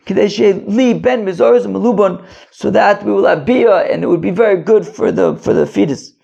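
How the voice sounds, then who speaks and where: A man with a hoarse, strained voice leads a relaxed Talmud study session. His voice sits high and crackles with grit. He reads the old text, then explains it line by line in plain talk, and the sound is muffled and lo-fi. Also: normal speed. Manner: reads Hebrew and Aramaic, then translates phrase by phrase in casual talk. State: hoarse, struggling voice. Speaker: Talmud teacher, podcast host. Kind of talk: casual Talmud study podcast. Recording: dull lo-fi recording.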